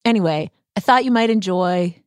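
A woman's voice: on the low side, moderate pace, clear, resonant tone, dry recording, clean studio sound. A woman from the Boston area hosting a podcast, talking in a playful, chatty way and dropping to a whisper in places. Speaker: podcast host. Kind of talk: casual chat.

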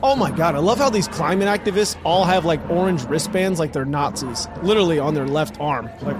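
A man's voice: high-pitched, normal speed, few pauses, music in the background. A man hosting a podcast, giving casual, mocking commentary with a sarcastic edge and frequent laughter. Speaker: podcast host.

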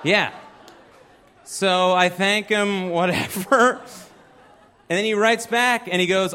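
Young comedian guy, high voice, chatty self-deprecating story, live stand-up set. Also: fairly even intonation, slow pace, long pauses, sharp tone, clean tone.

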